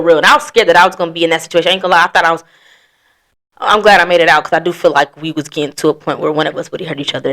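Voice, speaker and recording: A woman's voice: low-pitched, a bit bright. A woman hosting a podcast, telling her story in blunt, profane casual chat. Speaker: podcast host.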